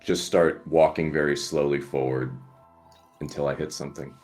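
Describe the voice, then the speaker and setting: A man's voice: extremely low pitch, fairly even intonation, moderate pace, darkish tone, soft background music. A man playing a tabletop role-playing game, talking casually and hesitantly with many fillers. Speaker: player.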